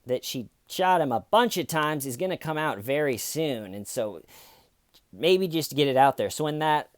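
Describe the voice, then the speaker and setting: A man's voice: fairly high pitch, animated, normal speed, dry recording, clean studio sound. A man telling a true crime story as comedy, with sarcastic, loose asides.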